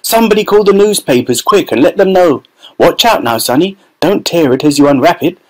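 A man voicing an excitable, well-fed middle-aged shopkeeper who shouts with excitement in a storybook reading. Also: mid-range voice, moderate pace, lightly acted, low-quality recording. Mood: ecstatic.

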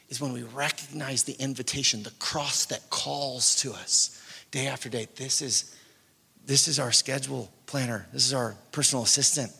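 A young adult man preaching a sermon, conversational and lively, acting out his own inner voice and dropping to near whispers at times. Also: medium pitch, creaky, husky. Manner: conversational preaching, acts out inner voices, swings loud and soft. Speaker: pastor. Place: church sanctuary. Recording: long hall reverb.

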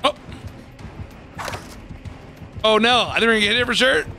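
High, bright excitable gamer guy. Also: normal speed, vocal fry, faint music behind. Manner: excitable, swears and laughs often. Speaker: gaming YouTuber. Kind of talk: casual gameplay commentary.

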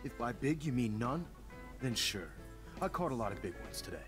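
A man's voice: medium pitch, big pitch swings, normal speed, over music, close to an everyday voice. An actor voicing a grumpy, sarcastic fisherman in a video game.

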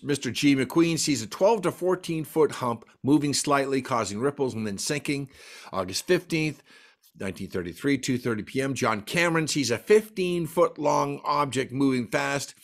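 A man giving a folklore lecture at a library, enthusiastically reading out lists of dates and sighting reports. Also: mid-range voice. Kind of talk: lecture presentation.

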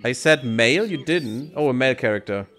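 A man's voice: medium pitch, lively intonation, a little fast, a bit bright, faint music behind. Joking, sarcastic man narrating gameplay. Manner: joking, sarcastic, swears freely. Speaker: let's play host. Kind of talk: casual gameplay commentary.

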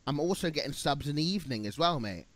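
A man's voice: on the high side, animated, fast talker, noisy background. A young Australian man streaming, chatting casually with crude, teasing banter and frequent laughter.

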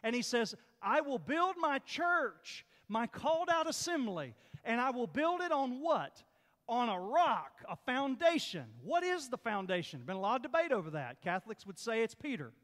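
A man's voice: extremely high pitch, big pitch swings, normal speed, fairly bright tone, big-room sound. A man preaching a sermon as pastor, with an emphatic, repetitive delivery. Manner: emphatic, repetitive preaching with rising and falling force. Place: church sanctuary.

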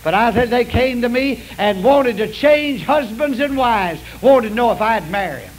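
A man's voice: very high voice, lively intonation, moderate pace, low-quality recording. An older man preaching a sermon in a folksy, emphatic way, repeating phrases for effect. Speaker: pastor. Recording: faint noise, old sermon tape.

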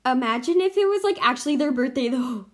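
A woman's voice: high-pitched, expressive, a little fast, heavy background noise. A young woman hosting casual game commentary, bubbly and giggly, swinging between squeals and mutters. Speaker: gaming channel host.

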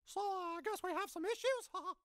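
An actor playing a cartoon mouse who runs things as an abusive boss, squeaky and giggling, flipping into screamed threats. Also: male voice, fairly quick, fairly bright tone, no echo, clean studio sound. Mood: smug. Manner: high chirpy voice, giggles after lines, bursts into screaming threats. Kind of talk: animated comedy acting.

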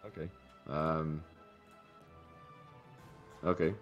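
A man's voice: a bass voice, flat delivery, extremely slow. A man running a tabletop game as dungeon master, talking hesitantly with frequent restarts. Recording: dull lo-fi mic, faint music.

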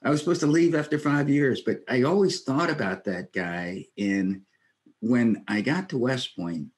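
A man's voice: mid-range voice, moderate pace. A man in his sixties, a retired army general, telling earnest anecdotes in a conversational interview, quoting others and chuckling lightly. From United States.

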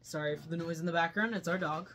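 A woman's voice: fairly low pitch, quick pace, fairly bright tone, a little hiss or hum. A woman reviewing a movie in casual chat, laughing often as she retells scenes.

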